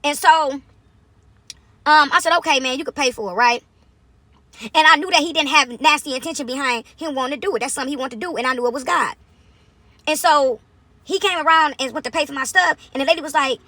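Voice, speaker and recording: Woman, high bright voice, chatty storyteller, "right?" after every point. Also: no room sound. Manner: animated, chatty, frequent "right?" asides. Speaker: vlogger. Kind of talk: casual storytelling monologue.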